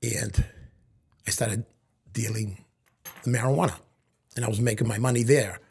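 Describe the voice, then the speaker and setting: A middle-aged man from Lawrence, Massachusetts, telling stories from his childhood as a podcast guest and acting out quick bits of back-and-forth dialogue. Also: on the low side, creaky, a little mellow, slightly rough. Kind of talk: storytelling in casual conversation.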